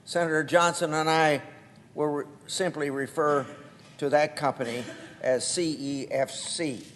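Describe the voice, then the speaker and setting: An older man, a senator, giving a formal floor speech read from documents, with a slow, halting delivery that marks each quotation. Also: fairly high pitch. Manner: slow, deliberate, halting delivery with marked quotes. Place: large legislative chamber. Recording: long reverb of a large hall.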